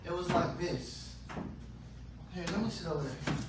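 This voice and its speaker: A man preaching a sermon, playful, acting out scenes with sudden shouted voices, recorded in a large church hall. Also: high-pitched, expressive, a little slow. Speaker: pastor. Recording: echoey hall, distant mic, faint noise.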